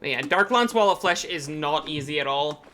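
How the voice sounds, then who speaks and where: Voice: medium pitch, expressive, moderate pace, pushed and bright, a little hiss or hum. A streamer giving live gameplay commentary, chatty and rambling with frequent ums.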